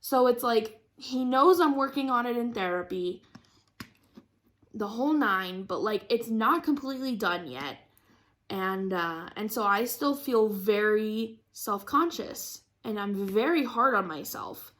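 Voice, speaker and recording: Chatty young woman, slightly high voice. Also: animated, a little slow, a bit bright. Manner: rambling, many fillers like "like" and "um", frequent laughs. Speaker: craft vlogger. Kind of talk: casual personal chat while crafting.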